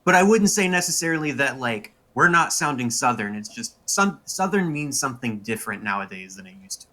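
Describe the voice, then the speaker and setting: A man's voice: mid-range voice, expressive, brisk, bright, forceful tone. A young man, a linguistics professor, explaining in a casual way with many filler words. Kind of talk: interview answers.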